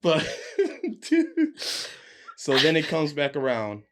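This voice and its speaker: A young man guesting on a podcast tells a story in casual conversation, animated and laughing as he acts out what his friends said. His voice runs on the high side and his pace is slow, with background noise in the clip.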